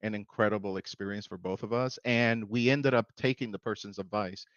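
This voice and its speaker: A man's voice: on the low side, no echo, lo-fi sound. A middle-aged man speaking as a podcast guest in a friendly, chuckling way, often restarting his sentences. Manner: animated, chuckling, halting restarts. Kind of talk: casual podcast conversation.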